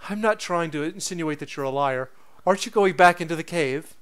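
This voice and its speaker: Man playing an eager young Cockney reporter in a game, earnest and pleading, high voice. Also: a little fast, a bit bright, clean tone, natural voice. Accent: put-on Cockney. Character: eager young male tabloid journalist. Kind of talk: game dialogue read aloud.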